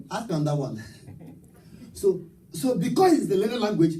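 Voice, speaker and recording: A man's voice: high-pitched, sing-song, a little fast, dark tone, far from the mic, rough recording. A man preaching a live church sermon, rousing the congregation with call-and-response and rhetorical questions. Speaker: pastor. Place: church sanctuary at a live service.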